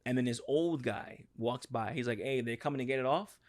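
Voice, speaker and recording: Speaking a little fast in a mid-range voice, a man co-hosting a casual podcast tells a long story full of profanity. He delivers it animatedly, performing the quotes of the people involved.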